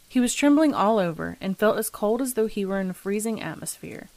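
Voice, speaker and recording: A woman narrating a classic ghost story in a measured, steady storytelling manner. Her voice sits at a middle pitch. The recording is dry and close, with no room sound. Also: dry recording. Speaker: narrator, host. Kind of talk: audiobook reading of a ghost story.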